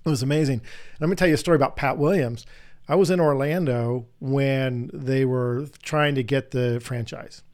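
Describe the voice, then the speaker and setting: A middle-aged man hosting an interview, telling long, animated anecdotes in a casual, rambling way. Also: mid-range voice, normal speed. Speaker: podcast host.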